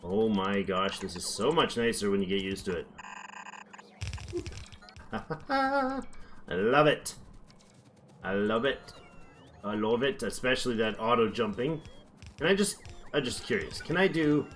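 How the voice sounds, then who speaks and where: A man's voice: fairly low pitch, moderate pace, long pauses, a bit bright, a little hiss or hum. A man giving casual gameplay commentary, chatty and thinking aloud as he builds, now and then slipping into playful accents. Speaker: gameplay streamer.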